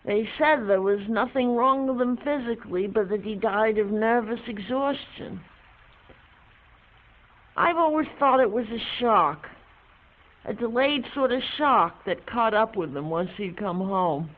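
An actress playing an older woman reminiscing to her dog, musing and unhurried, with hesitant pauses. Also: on the high side, lively intonation. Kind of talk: film monologue. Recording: tinny, phone-like film audio.

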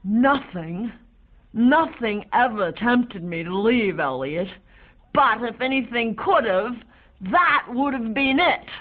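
A woman voicing an elderly lady who reminisces slowly, with hesitant pauses. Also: on the high side, lively intonation. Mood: wistful. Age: older. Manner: slow, halting, hesitant reminiscence. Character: elderly woman reminiscing, wistful, gentle, rambling. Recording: tinny lo-fi phone-like sound.

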